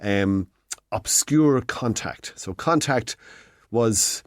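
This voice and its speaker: A sixty-year-old Irish man, a hardware expert guest on a radio show, gives home repair advice into a studio mic. His voice is lowish with drawn-out words and no echo, and he rambles and corrects himself along the way.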